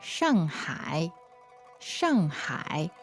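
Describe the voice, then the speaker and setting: Woman, lower voice, very slow patient language teacher. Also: big pitch swings, faint music behind. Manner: slow, patient, repeats phrases. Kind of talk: language lesson.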